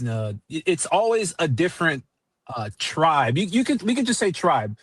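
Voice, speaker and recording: A man taking part in a heated podcast debate as a remote guest, speaking haltingly with many restarts. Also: fairly high pitch, sing-song, a bit bright, slightly rough, no echo. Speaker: guest on the call.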